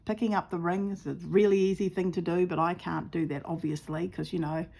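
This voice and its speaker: A woman casually talking viewers through her stitching, chatty and quick to laugh at her own mishaps. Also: lowish voice, flat delivery, gravelly, a little mellow, a little hiss or hum. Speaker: craft vlogger.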